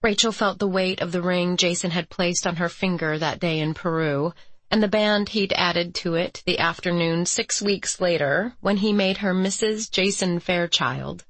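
A woman reading a romance audiobook as its narrator, with measured, even storytelling. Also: fairly low pitch, no echo. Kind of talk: scripted narration.

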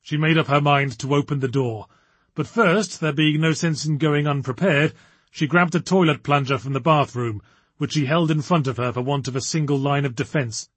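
Guy narrating a story, kinda husky, dry close mic, wry and measured. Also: fairly high pitch, dry recording. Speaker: audiobook narrator. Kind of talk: scripted narration.

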